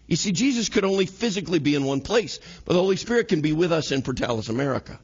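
A man's voice: sits high, lively intonation, fairly quick, husky, highs cut off. A man in his thirties preaching a sermon in a church, acting out everyday scenes in quoted voices. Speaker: pastor. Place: church sanctuary.

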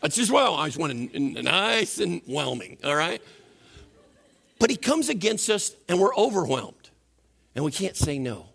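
A man preaching a sermon as pastor in a church, animated and asking the congregation questions. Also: fairly high pitch, unhurried, vocal fry, breathy edge.

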